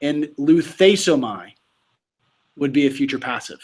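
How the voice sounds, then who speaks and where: A patient man tutors students in Greek grammar during a casual session, quizzing them on verb forms and prompting with "you tell me." His voice sits at medium pitch with lively intonation, a little slow, somewhat mellow, with a breathy edge.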